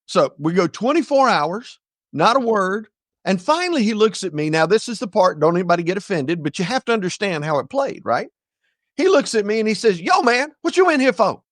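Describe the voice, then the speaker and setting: Older man, high voice, very animated pitch, blunt joking storyteller, dry close mic. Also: brisk, no echo. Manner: jokey, blunt asides to listeners. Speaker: guest, ethics speaker.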